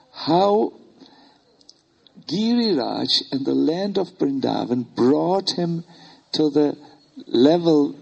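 A man's voice: medium pitch, creaky, a little mellow, breathy edge, low-quality recording. An older man with a German accent, a German native speaker, giving an informal, hesitant talk with many fillers to a retreat group as a spiritual teacher.

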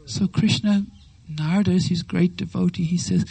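A woman giving a devotional talk, telling a sacred story with lively acted-out quotes and slow, reverent phrasing. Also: on the low side, creaky, slightly rough, dry recording, low-quality recording. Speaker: devotional speaker.

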